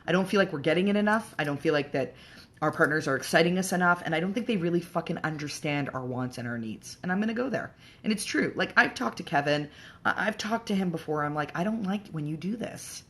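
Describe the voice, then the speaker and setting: A woman's voice: deep voice, animated, fast talker, fairly bright tone. A woman hosting a casual livestream chat for moms, frank and profane, rambling along with plenty of fillers. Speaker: host of a live show for moms.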